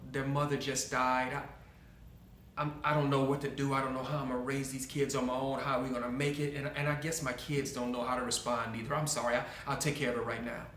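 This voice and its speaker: A man voicing a grieving, overwhelmed widowed father who speaks softly and haltingly. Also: mid-range voice, flat delivery, reverberant, a little hiss or hum, natural voice. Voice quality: soft, halting, apologetic.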